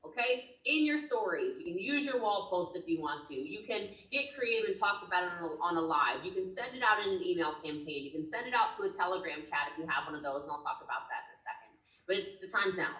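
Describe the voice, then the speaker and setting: Emphatic, bright-voiced woman coach. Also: mid-range voice, reverberant, distant mic, low-quality recording. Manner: emphatic, urgent, punchy. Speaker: network marketing coach. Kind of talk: energetic webinar teaching.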